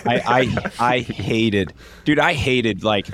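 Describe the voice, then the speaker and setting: A man's voice: mid-range voice, slow pace. A man co-hosting a podcast, a former walk-on player telling profane, laughing stories in casual chat. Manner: laughing, profane, animated storytelling.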